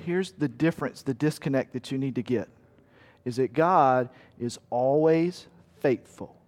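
A man's voice: medium pitch, unhurried, a little mellow. A man preaching a sermon in a church hall, earnest and emphatic, telling a story and repeating words for weight. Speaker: pastor. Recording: long hall reverb.

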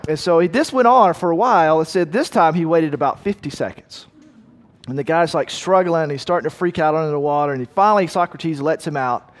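A man's voice: a little high, fairly quick. A male pastor telling a story in a sermon, then praying earnestly. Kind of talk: sermon with prayer. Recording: long reverb in a big hall.

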